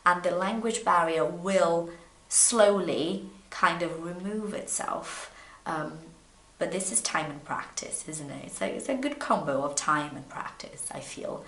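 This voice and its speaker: A woman, teaching English in a chatty, animated way. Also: lowish voice, measured pace. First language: Portuguese. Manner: chatty, animated, repeats words when restarting. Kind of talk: casual video lesson. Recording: echoey room.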